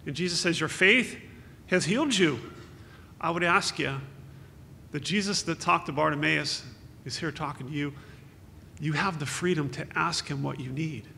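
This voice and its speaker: A man's voice: fairly high pitch, steady tone, normal speed, vocal fry, sharp tone. A man giving an earnest, consoling memorial sermon as pastor, quoting scripture. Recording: echoey hall with faint hum.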